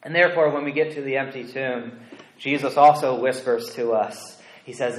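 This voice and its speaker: A man preaching a sermon as a pastor, earnest and deliberate, dropping to a hush on key phrases. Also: mid-range voice, fairly even intonation, echoey room, rough recording. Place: church sanctuary.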